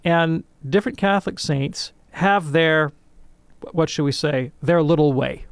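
Responding to a caller's question on a radio discussion, a man lectures animatedly and keeps asking "right?". He speaks unhurriedly in a fairly high, gravelly voice, recorded without echo.

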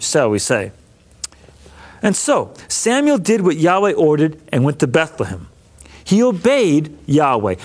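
Animated man teaching scripture. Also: high voice. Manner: animated, acts out biblical speakers in casual voices. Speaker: priest teaching Old Testament. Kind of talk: lecture on scripture.

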